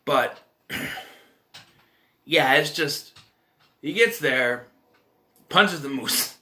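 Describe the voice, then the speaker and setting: A man's voice: a little high, very slow, bright, forceful tone. A man giving a casual, rambling solo movie review, with many restarts and fillers.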